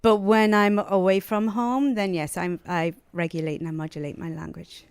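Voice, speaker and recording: A middle-aged woman from Northeast England with a softened Geordie accent, talking earnestly as a panelist in a podcast discussion. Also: medium pitch, steady tone, moderate pace, clear, resonant tone, no echo.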